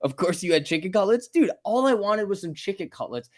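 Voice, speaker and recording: A man's voice: sits high, lively intonation, fairly quick. Chatty man on a casual livestream. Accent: New Jersey. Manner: chatty, laughs often, reads chat aloud. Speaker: stock market livestream host.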